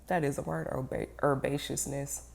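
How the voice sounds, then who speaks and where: A woman's voice: rumbling low, little pitch movement, normal speed, gravelly, a little mellow. A woman chatting casually and playfully while unboxing and tasting wine. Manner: chatty, playful, self-teasing. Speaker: wine vlogger.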